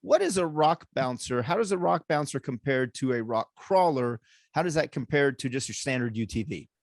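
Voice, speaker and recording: A man's voice: mid-range voice, animated, normal speed, dry recording, clean studio sound. A man hosting an interview, telling a story and asking his guest questions in casual talk. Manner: storytelling, brief affirmations. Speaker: interview host.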